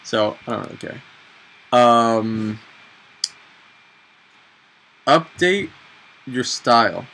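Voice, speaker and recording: A man in his twenties giving casual, self-mocking advice in a chatty, animated way on a home vlog. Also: mid-range voice, extremely slow, creaky, long pauses, low-quality recording. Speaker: vlogger.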